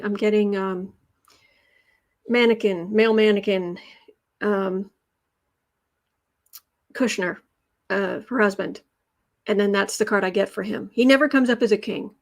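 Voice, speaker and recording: Chatty, sarcastic American woman streamer. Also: mid-range voice. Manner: chatty, sarcastic, mocking asides. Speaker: tarot reader livestream host. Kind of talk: casual livestream chat reading viewer comments.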